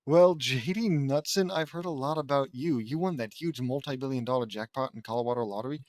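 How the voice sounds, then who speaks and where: A man voicing a grumpy male cartoon walrus neighbor in a flat read-aloud delivery. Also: mid-range voice, fairly quick, lightly acted. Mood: plain.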